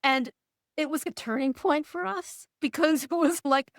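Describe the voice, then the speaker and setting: A woman being interviewed as a podcast guest. She tells a story in an animated way, acting out the dialogue and laughing now and then. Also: high voice, normal speed, no room sound, clean studio sound.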